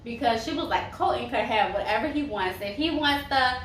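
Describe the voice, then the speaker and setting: A woman's voice: on the high side, animated, a little fast, a bit bright. Sassy young woman, roomy far-off sound. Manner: sassy, chatty, goes off on tangents. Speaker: reality TV reviewer. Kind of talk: casual chat. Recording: roomy echo, mic far off, faint hiss.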